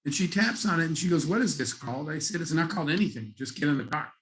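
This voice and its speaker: A man's voice: fairly high pitch, animated, fast talker, fairly bright tone, poor audio. A middle-aged man giving a keynote talk, telling a story and acting out the dialogue. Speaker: keynote speaker. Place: conference stage.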